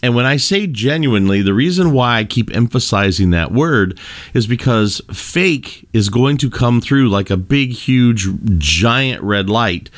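A man's voice: mid-range voice, lively intonation, unhurried. A man hosting a solo sales podcast, talking loosely with fillers, restarts and little chuckles. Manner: chuckles between points.

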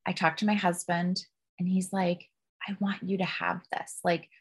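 A woman, a guest on a podcast, telling personal stories in an open, emotional and expressive way. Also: on the low side, normal speed, husky. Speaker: podcast guest, business coach. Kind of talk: candid personal storytelling.

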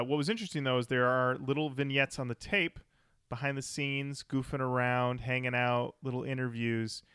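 A man's voice: mid-range voice, a bit bright, smooth, no room sound, studio quality. A man co-hosting a podcast, chatting casually and telling stories. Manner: chatty storyteller, slips into quoted voices. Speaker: podcast co-host. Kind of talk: casual chat.

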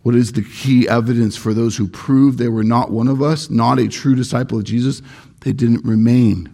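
Gravelly-voiced male pastor preaching earnestly. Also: mid-range voice, steady tone, fairly quick, dark tone. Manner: earnest, emphatic preaching with repetition. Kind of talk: sermon.

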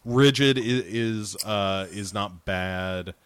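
A man hosting a podcast in casual chat, with playful, deadpan innuendo. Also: fairly low pitch, takes it slowly, clear, resonant tone, no room sound. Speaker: podcast host.

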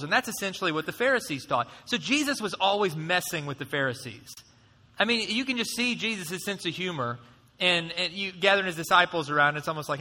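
A man preaching a sermon as pastor, in a conversational, animated way, acting out voices now and then. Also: on the high side, long reverb tail.

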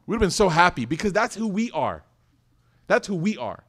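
A man giving a lively Islamic lecture to a live audience, asking questions and acting out quoted voices. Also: sits high, normal speed.

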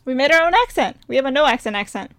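A woman's voice: sits high, animated, very fast, fairly bright tone, no room sound. A woman from Maryland co-hosting a podcast, chatting casually with teasing banter and frequent laughter. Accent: Maryland American. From Maryland, USA. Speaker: podcast co-host. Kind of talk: casual chat.

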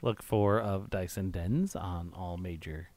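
A man co-hosting a podcast in casual comedic chat, deadpan and a bit halting. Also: low-pitched, no room sound. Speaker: podcast co-host.

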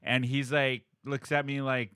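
Male podcast co-host, bright tone, chatty and laughing, dead-dry recording. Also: mid-range voice, unhurried, smooth, no echo. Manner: animated, laughs often while telling stories. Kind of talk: casual chat.

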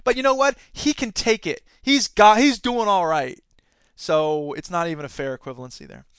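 High, bright-voiced man ranting sarcastically. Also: big pitch swings, normal speed, clean tone, dry recording. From Wisconsin. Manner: sarcastic, indignant, laughs at his own jokes. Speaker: podcast host; teacher union member. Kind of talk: casual political rant.

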